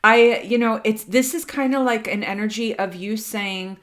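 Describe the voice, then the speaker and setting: A woman's voice: on the high side, moderate pace, fairly bright tone. A woman giving a casual, chatty tarot reading to her viewers, with many fillers, who acts out little quotes. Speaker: tarot reader.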